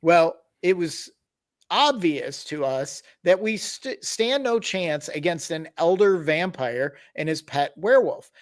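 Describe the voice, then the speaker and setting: A man's voice: a little high, expressive, slow. A man hosting a podcast, casually telling a tabletop horror story with wry asides and explanations. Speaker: podcast host.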